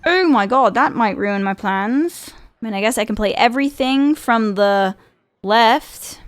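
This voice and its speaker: Young woman streaming, chatty, thinking out loud while she plays, some light hiss. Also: on the high side, measured pace. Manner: chatty, laughs easily, thinks aloud. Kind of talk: casual gameplay commentary.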